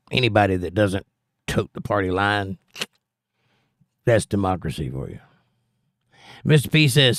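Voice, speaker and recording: A man's voice: mid-range voice, animated, normal speed, fairly bright tone, dry recording. Argumentative man reading chat, dry sound. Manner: argumentative, reads chat comments aloud. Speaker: livestream host reading chat. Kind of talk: casual livestream chat.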